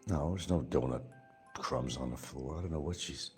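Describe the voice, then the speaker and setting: A man's voice: rumbling low, normal speed, a little mellow, faint music behind. A man talking casually and wryly on a home livestream, drifting into sing-song bits and baby talk to his dogs. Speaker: livestream vlogger.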